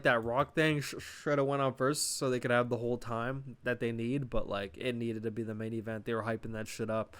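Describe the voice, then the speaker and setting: A young man casually reviewing a wrestling show, swearing often and rambling through a recap. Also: mid-range voice. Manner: profane, rambling, laughs at own retelling.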